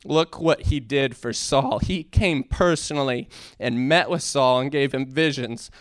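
A man sharing an earnest, halting testimony in a church talk that builds into impassioned preaching. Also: mid-range voice, dry recording, studio quality. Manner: earnest, halting, with many fillers and restarts. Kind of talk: heartfelt testimony sermon.

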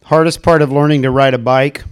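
Older man giving a casual testimony to a congregation. Smooth, clear voice, rambling, chuckles at his own jokes. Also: mid-range voice, fairly even intonation, brisk.

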